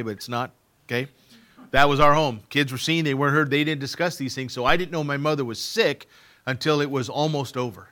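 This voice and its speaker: Bright-voiced man preaching a sermon. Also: mid-range voice. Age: middle-aged. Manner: swings from quiet to loud, emphatic repetitions. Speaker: pastor.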